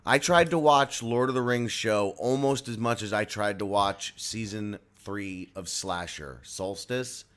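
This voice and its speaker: A man's voice: fairly low pitch, unhurried, hardly any pauses, a bit bright, smooth. A man co-hosting a casual chat with sardonic jokes. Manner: sardonic, joking. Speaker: podcast co-host.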